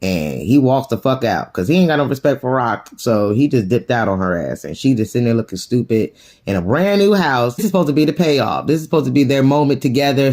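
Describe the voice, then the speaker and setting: A woman recapping a TV episode in loose, slangy talk, with plenty of swearing. She tells it with lively energy and keeps slipping into the characters' voices to play them out. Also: very deep voice. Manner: animated, profane, slangy storytelling; acts out characters' lines in shifting voices. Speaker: TV episode reviewer.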